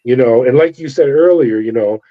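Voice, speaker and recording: In this interview, a former corrections officer in middle age tells an animated story, performing the voices of the people in it. His voice is medium-pitched and fairly quick. Audio is dull and lo-fi.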